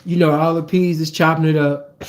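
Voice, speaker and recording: A man telling a profane personal story in casual, animated chat, full of fillers. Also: fairly high pitch, normal speed.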